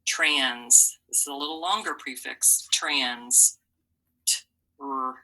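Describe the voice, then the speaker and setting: A woman teacher leads a phonics lesson for children at a very unhurried pace. Her low voice has a bright, slightly husky edge. She sounds out letters and syllables and cheers the kids on patiently. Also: poor audio.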